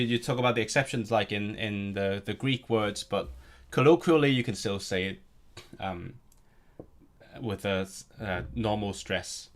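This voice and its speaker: A man's voice: on the low side, a bit bright. A man chatting casually on a live stream, rambling and restarting his sentences often. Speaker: language streamer.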